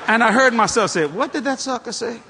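High, animated male preacher telling a story. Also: a little fast, background noise. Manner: animated, acts out the people in his stories, climbs to shouting. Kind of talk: storytelling sermon.

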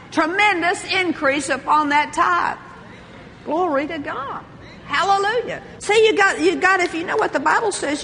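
A woman's voice: high-pitched, pushed and bright, a little hiss or hum. Fervent older woman preaching in a hall. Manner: fervent, reads scripture aloud, exclamations of praise. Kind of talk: sermon.

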